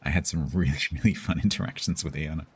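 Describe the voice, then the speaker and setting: A man's voice: rumbling low, fast, husky. A man streaming live, chatting casually with his viewers about role-play characters in a rambling, self-interrupting way.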